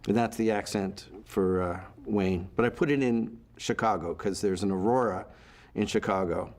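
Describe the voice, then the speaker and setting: A man recalling his film career in an interview, telling animated stories with quoted voices. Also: on the low side, moderate pace. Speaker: actor being interviewed. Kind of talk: anecdotal interview storytelling.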